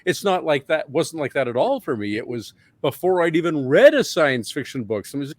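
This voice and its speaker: A middle-aged man from Canada, the guest author on a podcast, telling stories in a lively way. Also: on the high side, a little fast, hardly any pauses, no echo. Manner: lively storytelling. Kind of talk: podcast interview.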